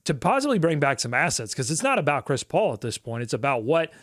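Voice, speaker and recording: A man's voice: medium pitch, very animated, fast talker, no room sound, clean studio sound. A man co-hosting a sports podcast, talking casually with lots of fillers and playful asides. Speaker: podcast co-host.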